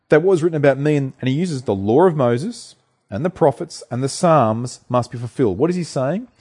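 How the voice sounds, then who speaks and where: Man, preacher, sermon, dark relaxed tone, earnest, explanatory, mid-pitched. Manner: earnest, explanatory, with fillers and restarts.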